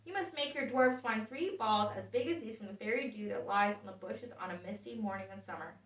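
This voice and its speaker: A woman's voice: mid-range voice, fairly quick, natural voice. A woman voicing a clever young captive princess in a fairy tale reading, speaking earnestly. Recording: echoey room, voice from far off.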